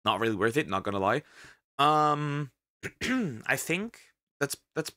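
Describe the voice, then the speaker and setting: A man's voice: medium pitch, lively intonation, measured pace, pushed and bright, dry recording, clean studio sound. A young man reacting to a video in casual commentary, rambling and sarcastic, with lots of fillers and restarts.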